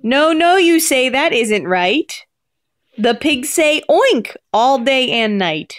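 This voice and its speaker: A mother reads a picture book to her baby, drawing every word out slowly in a sing-song lilt. Her voice sits high for a woman and swoops up and down as she imitates the animals. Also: expressive.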